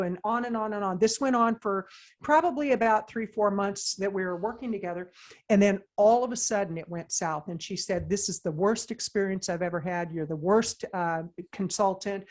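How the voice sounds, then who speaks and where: Animated woman telling a business story. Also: medium pitch. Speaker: guest, marketing consultant. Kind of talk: conversational podcast interview.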